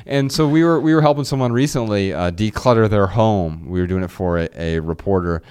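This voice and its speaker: A man with a low voice talks through his thoughts on a casual podcast. His tone is smooth and resonant. He rambles a little and restarts phrases as he goes. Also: fairly quick, darkish tone. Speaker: podcast co-host.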